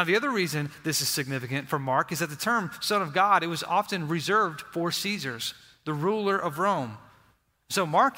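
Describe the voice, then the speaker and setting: Bright-voiced preacher in a reverberant hall. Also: male voice. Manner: earnest preaching, drops soft and low on key phrases. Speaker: pastor. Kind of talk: sermon. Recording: long reverb of a large hall.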